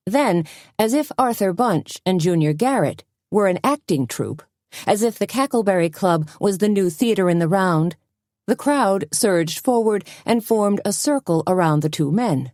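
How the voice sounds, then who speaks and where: A woman narrating a cozy mystery audiobook in an expressive storytelling manner. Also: mid-range voice, a little slow, no echo, clean studio sound. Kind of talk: scripted narration.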